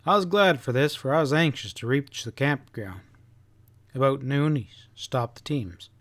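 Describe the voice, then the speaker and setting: A man narrating an audiobook in a steady, unhurried storytelling manner. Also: medium pitch. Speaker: audiobook reader.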